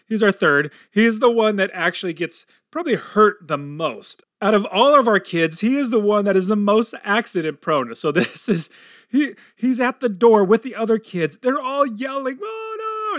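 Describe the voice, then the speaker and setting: A man's voice: high voice, normal speed, no room sound, clean studio sound. A middle-aged man hosting a podcast, telling a family story in a casual, upbeat way. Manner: energetic and upbeat, tells stories animatedly. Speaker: podcast host.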